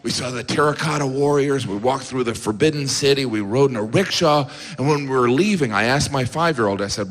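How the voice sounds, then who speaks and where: A middle-aged man from the United States doing a stand-up comedy set, deadpan and observational, jumping into high-pitched asides. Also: fairly quick. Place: large theater before a live audience. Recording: reverberant hall with live audience noise.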